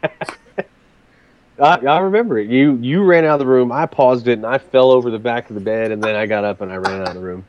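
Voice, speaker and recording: A man's voice: mid-range voice, fairly quick, a little hiss or hum. Man with a dull lo-fi recording. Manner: repeats words when starting sentences. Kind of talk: casual chat.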